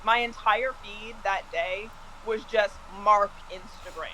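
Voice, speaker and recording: A woman co-hosting a casual chat show, excitable and filling her talk with "like". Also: mid-range voice, takes it slowly, crowd noise, low-quality recording. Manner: excitable, heavy use of "like". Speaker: podcast co-host.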